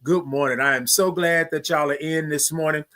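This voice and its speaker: A man's voice: fairly high pitch, fairly even intonation, moderate pace, pushed and bright. Chatty man hosting a livestream. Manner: chatty, repeats phrases, sings his greetings. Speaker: livestream show host. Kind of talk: casual livestream talk.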